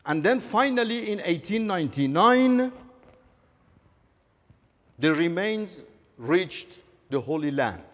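A man giving a conference talk, halting and earnest, often repeating words as he goes. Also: fairly high pitch. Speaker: conference speaker. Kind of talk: lecture on religious history. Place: large conference hall. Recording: echoey conference hall.

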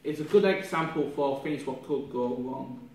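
A young man, a drama student, reflecting aloud on his performance in a halting, rambling way with many restarts, sounding ill with a cough. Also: mid-range voice, a little mellow. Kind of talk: spoken self-reflection. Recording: echoey room from far off, faint noise.

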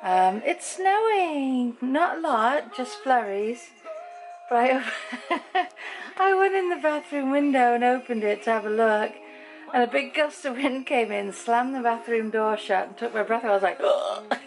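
A middle-aged British woman talks straight to her viewers at home, candid and chatty, as in a daily vlog. Her voice has a gravelly creak to it, and music plays clearly behind her. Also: on the high side, animated, a little slow, rough recording. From Britain. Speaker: vlogger. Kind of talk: casual daily vlog chat.

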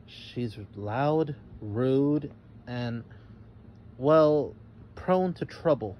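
A man's voice: medium pitch, drawn-out words, dull audio. A man voicing a skeptical, prim girl in a storybook reading. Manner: doubtful, prim. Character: skeptical older-sister girl.

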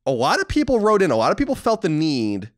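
A man's voice: sits high, wildly swooping pitch, fast. A man in his thirties co-hosting a casual podcast, sarcastic and playfully mocking as he reads listener mail. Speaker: podcast co-host.

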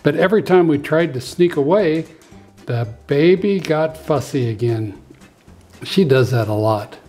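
Male preschool teacher, storybook read-aloud; expressive and unhurried, faint background music. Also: on the high side. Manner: expressive, lively storytelling with voices.

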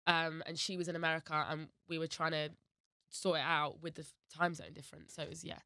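A woman's voice: low-pitched, flat delivery, fast talker, gravelly, sharp tone, no echo. A woman with a Leicester accent, a singer chatting casually as a guest on a radio show. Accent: Leicester English. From England. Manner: chatty, lots of fillers like "like".

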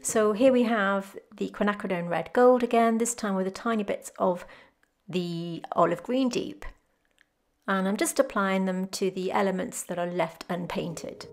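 Woman painting teacher, gentle and unhurried, slight vocal fry, soft music underneath. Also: medium pitch. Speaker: botanical art teacher. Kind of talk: calm step-by-step painting tutorial. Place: home studio with glass roof.

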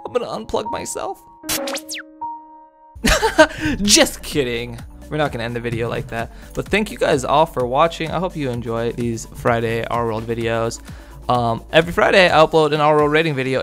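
A man's voice: medium pitch, lively intonation, moderate pace, fairly bright tone. Goofy rambling young man, laughing a lot. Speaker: game video creator rating outfits. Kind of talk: casual commentary over gameplay. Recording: faint background music.

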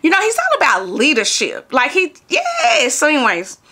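A woman in her forties talks straight to her viewers in a casual, chatty vlog. Her voice sits a little high and swoops all over the place as she gets excited. She throws in playful whoops and keeps things animated and exclamatory. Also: moderate pace. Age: 40s. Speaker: lifestyle vlogger.

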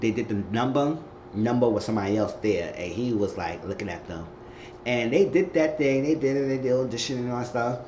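A man casually recapping a TV episode, acting out the characters' lines with sudden high squeals. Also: slight background noise. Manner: animated retelling, acting out quotes with high squeals. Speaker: recap host. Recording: echoey room, dull lo-fi sound.

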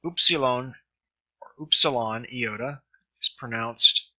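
A middle-aged man teaching in a recorded lesson, speaking slowly and carefully as he drills pronunciation. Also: medium pitch, sharp tone. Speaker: Greek teacher. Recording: dull lo-fi screen recording.

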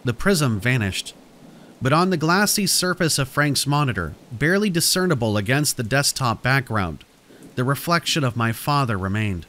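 A man narrates a scripted horror story at a steady, measured pace. His voice sits at an ordinary middle pitch, and he leans into the dramatic moments.

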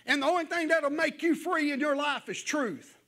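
A man preaching, with a voice that sits unusually high for a man. His delivery is folksy and conversational, and it rises into fervent, raised appeals to his church congregation. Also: moderate pace, sharp tone. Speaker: pastor. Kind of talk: evening sermon to a church congregation.

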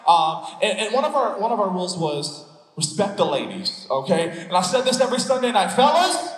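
A male pastor preaching a sermon, telling stories with an animated, playful manner and quick asides. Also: high-pitched. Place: church sanctuary. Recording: echoey church hall.

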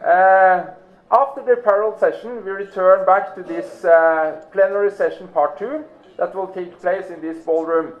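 A man's voice: sits high, normal speed. A man giving practical schedule announcements to a conference audience in a hotel ballroom, matter-of-fact with many fillers. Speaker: event organizer making announcements. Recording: tinny phone-like recording.

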